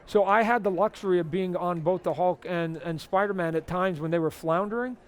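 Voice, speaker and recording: A man's voice: sits high, fairly quick. A man guest at a convention interview, talking with energy and acting out the people in his stories. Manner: energetic, animated, acts out quoted exchanges. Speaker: interview guest, comic artist. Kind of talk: animated storytelling interview. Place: toy fair convention floor.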